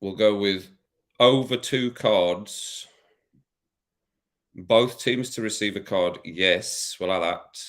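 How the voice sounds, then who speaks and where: A man's voice: fairly low pitch, slow pace, long pauses. A man vlogging in casual chat, thinking aloud with jokey asides while placing bets.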